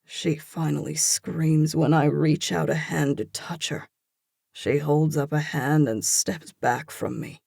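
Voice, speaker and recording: An audiobook narrator reading a first-person romance in a slow, intense, hushed delivery. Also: medium pitch, steady tone, creaky, breathy edge, no echo, studio quality.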